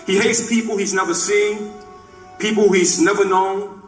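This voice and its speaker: A man on stage reading a passage aloud in a measured, emphatic, deliberate way. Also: sits high, fairly even intonation, fairly bright tone. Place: theater stage at a live tribute event. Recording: echoey theater from a distant mic with faint music.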